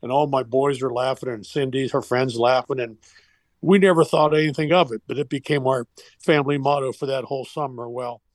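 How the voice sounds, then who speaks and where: A man's voice: medium pitch, steady tone, a little fast, dry recording. An older man and former baseball coach, telling a personal story in a heartfelt, rambling way with restarts.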